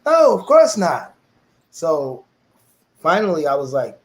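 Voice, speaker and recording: A man's voice: a little high, a little slow, long pauses, rough recording. A middle-aged man, telling his life story as an interview guest and acting out the voices of people he quotes. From New York, USA. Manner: animated storyteller who acts out quoted voices.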